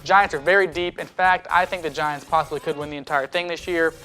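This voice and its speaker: A young man with a high voice talks sports on a student show, chatty and fond of ribbing his co-hosts. He sounds cheerful and keeps the banter going, with faint music under his voice. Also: fairly even intonation, brisk, sharp tone. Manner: talkative, playful, ribbing. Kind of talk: casual sports chat.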